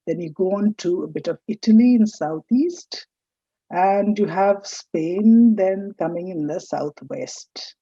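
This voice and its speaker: A woman teaches a recorded French lesson at an unhurried pace, pausing to correct how words are pronounced. Her voice is deep and husky. The recording is dry and dull. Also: dark tone, dry recording. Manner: explanatory, corrects pronunciation. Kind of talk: recorded online lecture.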